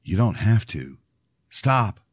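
A man's voice: on the low side, sing-song, slow, no room sound, studio quality, voice pushed up, exaggerated voice. A man voicing a wounded young father who speaks in a strained, pleading way. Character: young father, hurt and desperate.

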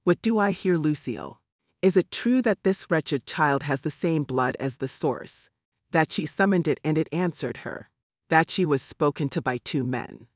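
A man's voice: on the high side, animated, normal speed, no room sound, studio quality. A man reading the part of a stern, self-righteous village woman, accusing and self-important in an audiobook.

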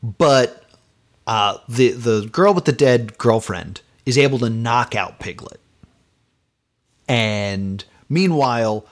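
A man hosting a podcast, giving a casual film review in an exasperated, rambling rant full of fillers. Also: mid-range voice. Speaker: podcast host.

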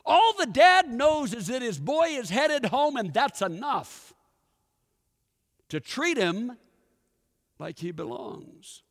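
A pastor giving a sermon, telling a story and putting questions to the congregation. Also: male voice, very high-pitched, big pitch swings, takes it slowly, pauses often, a bit bright. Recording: echoey hall with long reverb.

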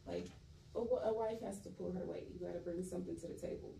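A woman's voice: lowish voice, fast, vocal fry, mellow. Laid-back young woman, candid. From California. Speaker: actress guest. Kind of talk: casual interview chat. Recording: roomy echo, voice a bit far from mic, faint noise.

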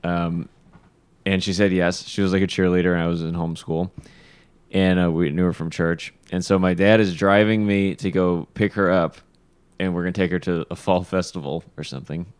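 A man's voice: low voice, fairly even intonation, normal speed, clean tone, dry recording. A man in casual podcast chat, telling a self-deprecating story from his childhood. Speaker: podcast co-host.

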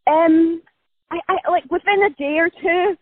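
A woman actress chatting in a casual remote interview, bubbly and quick to laugh, talking while walking outdoors. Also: very high-pitched, steady tone, no echo. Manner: bubbly, laughs often, self-deprecating. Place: outdoors walking past a building site. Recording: tinny phone-line audio, dry.

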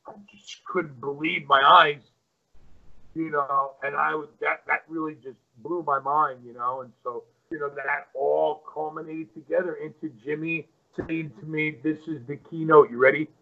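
A man's voice: a little high, flat delivery, slow, vocal fry, pauses often, phone-quality sound. A middle-aged man, a retired pro wrestler, telling stories as an interview guest, rambling with many fillers. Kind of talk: casual interview storytelling.

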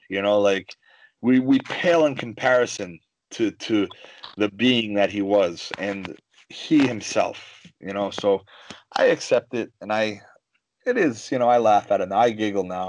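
A man talking in a casual, animated way, telling stories full of restarts and "you know" asides. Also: lowish voice, slight background noise. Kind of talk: casual storytelling chat.

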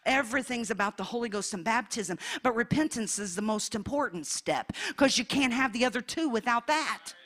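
Bright-voiced woman preaching a testimony. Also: a little high, brisk, few pauses. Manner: emotional storytelling, swings from hushed to loud. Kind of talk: testimony sermon. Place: church.

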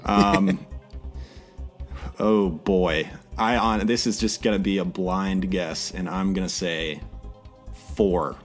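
An easygoing man on a film podcast, calmly reading out answers and guesses. His voice sits a bit low, with faint music behind. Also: slow, pauses often. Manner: easygoing, reads lists plainly. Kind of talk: casual quiz chat.

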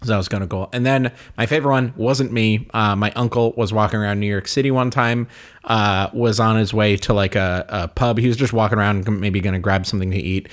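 A young man telling stories on a podcast in a loose, rambling way. His voice sits a little low, and "like" keeps slipping into his sentences. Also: steady tone, fairly quick. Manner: rambling storyteller, many "like" fillers. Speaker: podcast co-host. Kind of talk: casual chat.

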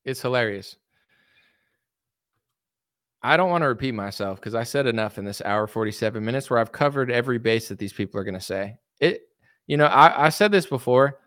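A young man hosting a casual commentary stream, blunt and boastful as he rants. His voice is mid-pitched and sounds dry and close. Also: animated, fairly quick, fairly bright tone, dry recording. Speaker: online commentary host.

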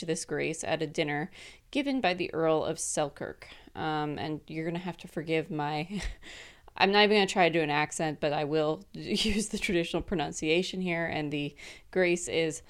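Chatty woman w a low voice explaining stuff, lots of ums and little laughs, faint music behind. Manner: chatty, laughs often, many fillers. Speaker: presenter. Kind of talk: casual explainer talk.

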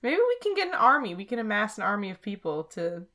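A woman's voice: medium pitch, very animated, quick pace, bright, forceful tone. A woman co-hosting a podcast, chatting casually in a giggly, teasing, enthusiastic way. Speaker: podcast co-host. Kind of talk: casual comedic chat.

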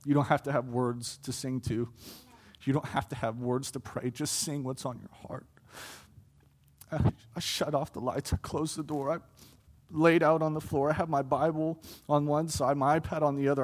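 A man's voice: mid-range voice, flat delivery, moderate pace. Earnest young man preaching a sermon. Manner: earnest, building to impassioned pleas with fluctuating loudness. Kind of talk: sermon testimony.

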